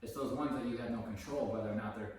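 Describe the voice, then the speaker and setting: A man working as a dog trainer, explaining his methods casually during a session and breaking into high, excited praise for the dog. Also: fast, distant mic. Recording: echoey room, voice from off the mic.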